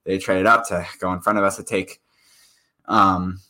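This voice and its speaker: Bright-voiced guy chatting about football. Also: low-pitched, little pitch movement, normal speed. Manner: rambling with restarts. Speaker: podcast co-host. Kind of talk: casual sports chat.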